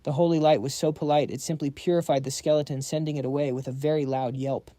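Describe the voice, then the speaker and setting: Mellow male recap narrator, dry close sound. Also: fairly high pitch, flat delivery, fast, no echo. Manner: dramatic storytelling.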